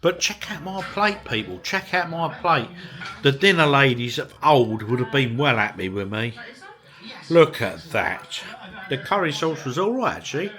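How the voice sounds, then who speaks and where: A man's voice: medium pitch, lively intonation, normal speed, a bit bright, low-quality recording. A man vlogging casually to camera, jokey and chatty, talking straight to his viewers. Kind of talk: casual vlog talk to camera. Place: outdoors on a town street and in a pub.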